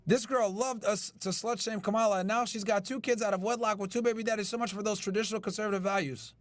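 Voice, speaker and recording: Brash high-voiced male podcast host. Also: steady tone, fast talker, soft background music. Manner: brash, profane, talks to chat. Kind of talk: casual chat reacting to news.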